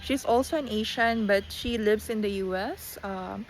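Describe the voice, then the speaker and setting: A woman's voice: mid-range voice, normal speed, a little hiss or hum. A woman with a Filipino accent, just woken up, talking in a casual rambling monologue full of restarts, fillers and switches into Tagalog phrases. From Philippines.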